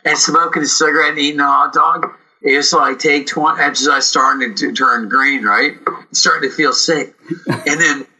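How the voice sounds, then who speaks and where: Guy rambling thru old acting stories, lots of um and uh, super bright edgy voice. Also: fairly high pitch, normal speed, slightly rough, low-quality recording. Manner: rambling, animated, many fillers and restarts. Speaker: actor, guest. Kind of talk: casual storytelling interview.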